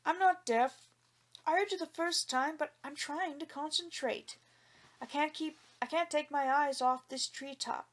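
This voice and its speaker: A woman voicing a poor, clever young man who tricks a farmer with polite, calm words in a storybook reading. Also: high voice, unhurried. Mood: sly polite.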